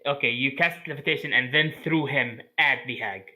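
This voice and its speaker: A man's voice: medium pitch, normal speed, pushed and bright, rough recording. A man playing a tabletop game, protesting in exasperation and swearing at the other players.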